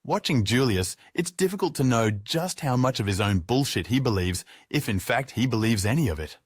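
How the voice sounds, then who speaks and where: A man's voice: medium pitch, animated, moderate pace, slightly rough, no room sound, studio quality. A man narrating his own audiobook in the first person, sardonic and freely profane.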